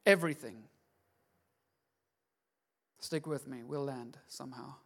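Male pastor with a high-set voice, sermon delivery, hushed asides building into forceful repeated refrains. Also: normal speed. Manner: shifts from hushed, intimate asides to loud, driving preaching; repeats words for emphasis.

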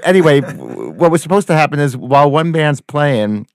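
A man's voice: on the high side, normal speed, gravelly, no room sound, clean studio sound. A man, a band member, telling a story in casual chat and acting out the people in it. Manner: animated anecdote-telling, acts out quoted voices. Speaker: guest musician.

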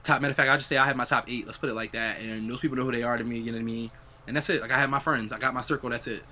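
A man's voice: mid-range voice, fairly even intonation, racing, sharp tone, a little hiss or hum. A young adult man hosting a podcast, chatting casually and reflectively, swearing freely. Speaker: podcast host. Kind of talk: casual chat.

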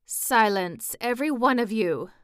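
A woman voicing a loud, fretful female tiger lily flower in a storybook reading, talking in a scolding way. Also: medium pitch, slow, clean tone, no room sound, studio quality.

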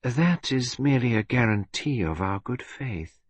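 A man voicing a calm, sinister criminal agent who talks slowly and coolly. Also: medium pitch, breathy edge, dry recording. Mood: calm menace. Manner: calm, unhurried.

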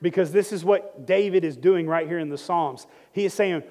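High-voiced pastor preaching in a reverberant sanctuary. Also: male voice, mellow. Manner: reads scripture slowly, builds to rising emphatic preaching. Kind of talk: sermon. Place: church sanctuary. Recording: long hall reverb.

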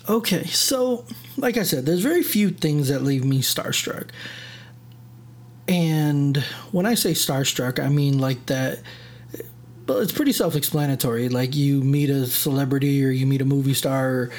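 A man's voice: mid-range voice, a little mellow. Man, podcast host, casual solo storytelling, rambling, self-deprecating, goes off on tangents.

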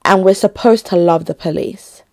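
Chatty woman with a lowish voice. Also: normal speed, darkish tone. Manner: chatty and emphatic, often restarting phrases. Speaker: vlogger. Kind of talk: casual talk to camera.

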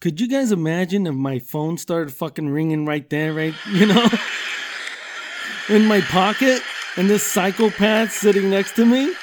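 A man's voice: high-pitched, unhurried, very noisy. A middle-aged man hosting a podcast, telling rambling comic stories in a profane, ranting way. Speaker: podcast host. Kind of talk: comedic rant monologue.

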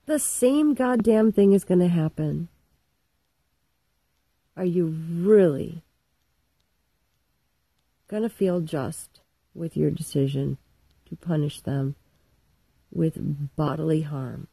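A woman's voice: low voice, slow pace, gravelly, long pauses, dark tone, slightly rough, no echo, poor audio. A middle-aged woman telling a story in a casual, irreverent and profane comic monologue.

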